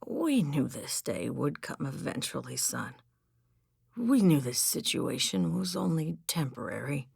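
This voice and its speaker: Audiobook: woman as slow, raspy, croaking old male hermit, gruff and stern. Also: low voice, sing-song, dry recording, clean studio sound, full character voice. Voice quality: croaking, gravelly. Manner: gruff and stern, softening to gentle hush. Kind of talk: audiobook character voice.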